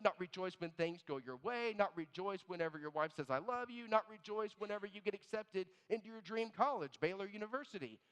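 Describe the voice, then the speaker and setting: A man preaching a sermon as pastor, animated and storytelling, dropping low and quiet on key words. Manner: animated storyteller, acts out both sides of little scenes. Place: church sanctuary. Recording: long reverb of a church hall.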